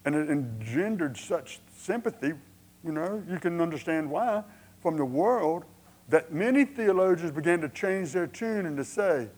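A man preaching a sermon, telling a Bible story in a conversational way with asides and self-corrections, acting out prayers with rising passion and then dropping quiet. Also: fairly high pitch, expressive, normal speed. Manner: storytelling, acts out prayers, rises to impassioned pleading then drops quiet.

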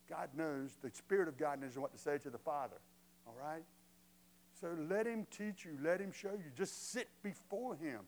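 A man's voice: a little high, slight background noise, poor audio. Emphatic, conversational male preacher. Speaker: pastor. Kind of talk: sermon.

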